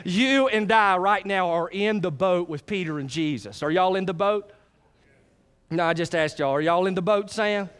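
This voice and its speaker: A man preaches in a high, bright-pitched voice. He is animated and folksy, often stopping to check that the congregation is with him. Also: normal speed, smooth. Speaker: pastor. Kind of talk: sermon.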